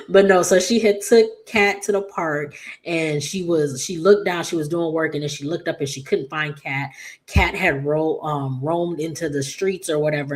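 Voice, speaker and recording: Woman, low pitch, casual soap recap, chatty, filler-heavy. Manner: chatty, loose, many fillers and throat clears, animated when quoting. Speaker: soap opera reviewer.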